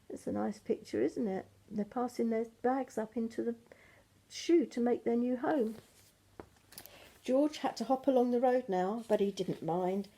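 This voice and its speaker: An older woman reading a picture book aloud to her grandchildren, with gentle, chatty asides. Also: on the high side.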